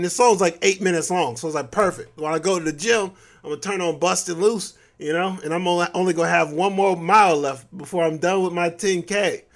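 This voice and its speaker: A man with a high-pitched, fairly bright voice hosts a casual solo podcast, talking loosely, joking, and often breaking into laughter.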